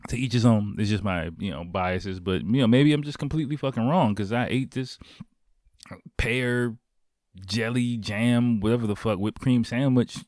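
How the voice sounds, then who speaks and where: A man's voice: mid-range voice, moderate pace, a little mellow, dry recording, studio quality. A man hosting a casual solo podcast from home, rambling and swearing freely and laughing often. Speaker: podcast host.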